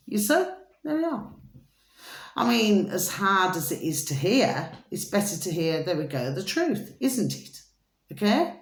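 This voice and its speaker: A woman's voice: medium pitch, very animated, a little slow. A woman vlogging in casual commentary, emphatic and constantly asking her viewers whether they see her point. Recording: roomy echo.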